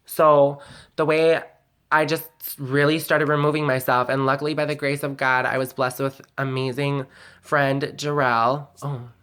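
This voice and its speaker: A man's voice: mid-range voice, level tone, a little slow, fairly bright tone, clean tone. A man telling a personal story in a confessional vlog, candid and emotional, rambling with many "like"s and the odd swear word. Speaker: vlogger.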